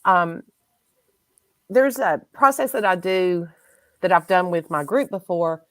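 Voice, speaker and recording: Gentle, low-voiced woman host. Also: expressive, slow, dry recording. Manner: gentle, reflective, heartfelt. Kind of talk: casual spiritual chat.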